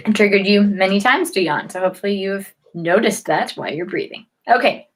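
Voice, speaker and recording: A woman's voice: medium pitch, animated, a little fast, a little hiss or hum, low-quality recording. Chatty woman yawning through a health talk. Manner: chatty, with frequent fillers and restarts. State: yawning often. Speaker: health educator. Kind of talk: casual talk to camera.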